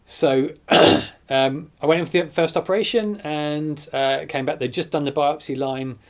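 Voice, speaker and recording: A man's voice: fairly high pitch, a little slow. A man, earnestly recounting his hospital ordeal in a documentary interview, often correcting himself as he goes. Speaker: survivor telling his story.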